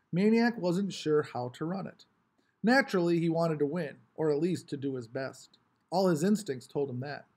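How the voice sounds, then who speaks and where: A man reading a novel aloud with expressive, varied storytelling. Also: fairly high pitch. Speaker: audiobook reader.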